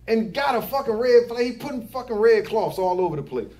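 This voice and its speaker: A man's voice: extremely high pitch, lively intonation, normal speed, a little mellow. A young man, a barber giving advice to new barbers in casual, profane chat, repeating his catchphrases. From Philadelphia. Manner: loose, swearing, repeats catchphrases.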